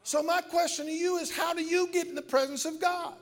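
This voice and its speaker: A man preaching a sermon as pastor, building to loud shouted call-and-response. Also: extremely high pitch, fairly even intonation, brisk.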